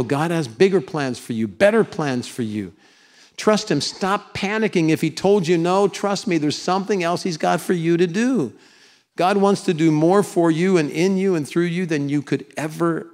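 In a church sanctuary before a congregation, a pastor preaches an animated sermon. He puts on whiny high-pitched voices to make a point, then slows down to read scripture together with the congregation.

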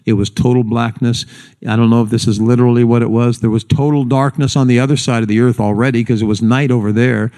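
A man's voice: medium pitch, fast talker. A man preaching a sermon, telling the story with feeling and acting out the people he quotes. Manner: animated, acts out quoted speakers in raised voice. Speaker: pastor.

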